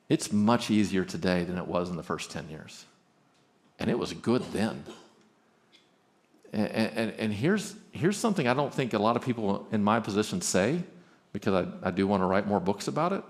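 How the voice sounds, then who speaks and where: A middle-aged man from Arkansas, a pastor giving an earnest conference talk on marriage, who often stumbles and repeats his openings. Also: lowish voice.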